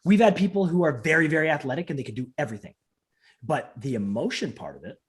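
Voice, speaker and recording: A man in his thirties talks from home over a video call, a wrestler and trainer telling stories. His voice sits a touch high and keeps leaping into sudden high, loud bursts when he acts out other people's lines. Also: quick pace. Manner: animated storyteller acting out quotes with big pitch jumps. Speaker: professional wrestler and trainer, guest. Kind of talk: casual interview chat.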